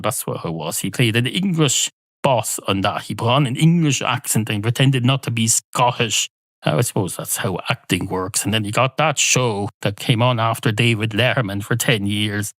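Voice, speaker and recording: A man's voice: lowish voice, fairly bright tone, no room sound. An Irish man hosting a podcast, delivering a sardonic comic rant with a grumbling tone. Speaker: podcast host.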